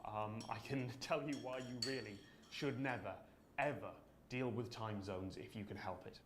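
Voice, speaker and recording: A man's voice: lowish voice, moderate pace, background noise. A man presenting a scripted explainer in a wry, storytelling manner. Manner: wry, storytelling, self-deprecating.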